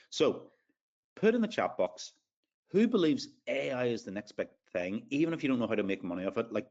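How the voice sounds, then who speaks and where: A man's voice: lowish voice, a little mellow, muffled recording. A man with an Irish accent hosts a live sales webinar. He talks in a chatty way, with many fillers, and reads out audience names as he goes. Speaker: webinar host.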